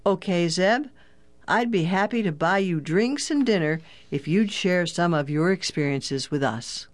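A narrator voicing a polite eager dad. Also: male voice, high-pitched, expressive, measured pace. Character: polite eager father of two boys.

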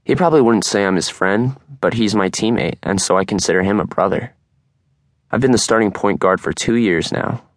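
Young man, deep low voice, first-person audiobook narration, dry close studio sound. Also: brisk, no echo.

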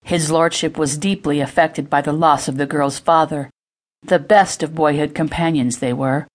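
A woman's voice: low voice, steady tone, moderate pace, natural voice. A woman voicing a polite, formal male solicitor who is small and fussy.

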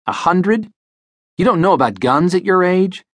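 A man's voice: high-pitched, expressive, normal speed, no echo, voice pushed up. A man voicing a cold, curt male professional thief in an audiobook, blunt and clipped. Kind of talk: audiobook character voice.

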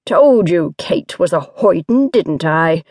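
A woman's voice: fairly low pitch, animated, slow, darkish tone, no echo, studio quality. A woman reading an audiobook, voicing a jovial teenage boy who banters with his little sister. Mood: teasing. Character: cheerful teenage boy, teasing older brother.

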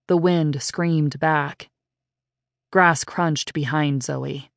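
Low-voiced, slow woman narrator. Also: fairly even intonation, no echo, studio quality. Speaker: audiobook narrator. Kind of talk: scripted narration.

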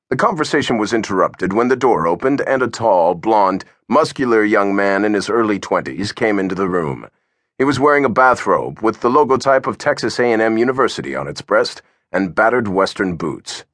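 A male audiobook narrator reads a novel in steady scripted narration. His voice is husky and moves up and down a lot as he tells the story. He sits close to the mic in a dry, quiet studio. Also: lowish voice, moderate pace, dry recording.

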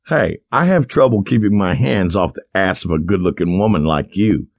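A man's voice: deep voice, lively intonation, normal speed, no room sound, studio quality. A man voicing a crude, joking adult man with a brash manner. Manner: brash and jokey.

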